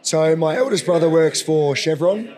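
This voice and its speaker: A hoarse Australian man with a croaky voice, a mining executive chatting matily as a podcast guest. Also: on the high side, a crowd in the background. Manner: quick, matey, says "mate" often. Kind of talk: casual interview.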